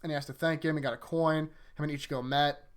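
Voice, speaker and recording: Rambling man recapping anime, slightly high. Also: fast, clear, resonant tone. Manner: rambling, filler-heavy, animated retelling. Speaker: anime rewatch host. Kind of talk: casual episode recap.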